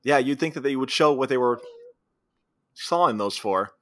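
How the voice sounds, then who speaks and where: A man's voice: medium pitch, lively intonation, normal speed, fairly bright tone, dry recording, studio quality. A man co-hosting a podcast, casually recapping a film's plot scene by scene. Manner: retells scenes, quoting characters in brief voices. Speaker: podcast co-host. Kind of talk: casual movie recap chat.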